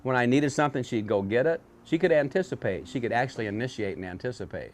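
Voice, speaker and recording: A man's voice: mid-range voice, lively intonation, fast. A filmmaker talking wryly to the camera, musing as he goes. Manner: wry, musing.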